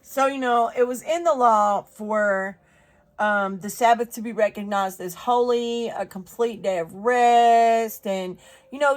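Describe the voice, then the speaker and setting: A woman's voice: fairly high pitch, measured pace. A woman, reading the Bible aloud and reflecting on it in a chatty, earnest way with many fillers.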